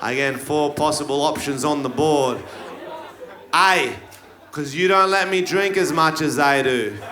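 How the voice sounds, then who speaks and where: A man doing a stand-up routine in a quiz-show style, bursting into shouted punchlines. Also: on the high side, measured pace. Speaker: stand-up comedian. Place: live comedy venue. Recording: roomy live venue with crowd. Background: audience laughter.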